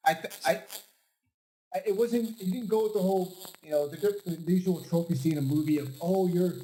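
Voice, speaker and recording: A man's voice: high-pitched, fairly quick, dark tone, a little hiss or hum, poor audio. A man co-hosting a podcast in casual chat, hesitant and often restarting his sentences. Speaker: podcast co-host. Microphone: home podcast mic.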